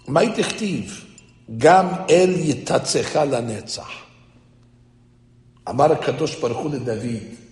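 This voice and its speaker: A man teaching a text-study lecture to a class, animated and translating phrases line by line. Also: mid-range voice, gravelly. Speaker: Torah teacher. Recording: echoey hall.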